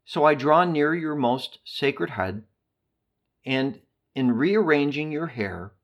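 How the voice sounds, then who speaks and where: A man's voice: a little high, animated, lo-fi sound. A man reading a devotional meditation aloud in a solemn, prayerful way. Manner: slow, solemn and measured. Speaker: reader of a devotional text.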